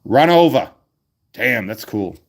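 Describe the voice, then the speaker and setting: A man's voice: mid-range voice, lively intonation, takes it slowly, creaky. A man from Massachusetts hosting a casual card-opening chat. He talks with enthusiasm and reads card text aloud. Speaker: host.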